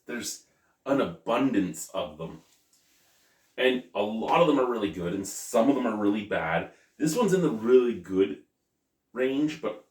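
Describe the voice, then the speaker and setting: Man, lowish voice, casual beer-review vlogger, rambling and self-correcting, recorded a bit off-mic in an echoey room. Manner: chatty, self-correcting, thinks aloud. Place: at home. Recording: roomy, mic at a distance.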